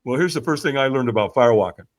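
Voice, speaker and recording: A man's voice: medium pitch, lively intonation, very fast. A middle-aged man telling a vivid story as a podcast guest, often checking in with the listener and acting out what others said. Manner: vivid storyteller, frequent "right?" asides, acts out quotes. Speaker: podcast guest, firewalk instructor. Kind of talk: animated storytelling in an interview.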